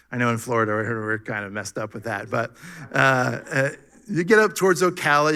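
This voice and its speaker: Male pastor, bright forceful tone, slightly high voice, preaching with lots of questions to the room. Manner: animated preaching with rhetorical questions. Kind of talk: sermon. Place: church sanctuary.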